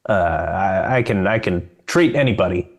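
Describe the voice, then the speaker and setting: A man's voice: sits low, expressive, moderate pace. A man playing a tabletop game, chatty and self-mocking. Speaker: player. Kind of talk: casual in-character play.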